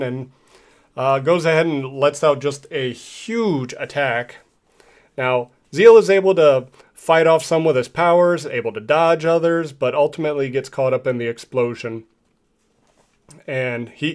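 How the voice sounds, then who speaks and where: Relaxed man recapping a comic. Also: medium pitch, measured pace. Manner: relaxed, rambling, filler-heavy. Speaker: comic reviewer.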